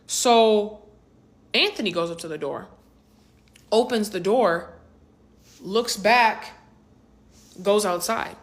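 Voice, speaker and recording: A young woman telling a family storytime in casual slang, full of asides to the viewer. Her voice sits at a middle pitch, and she talks with animated emphasis. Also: takes it slowly, pauses often. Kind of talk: storytime vlog narration.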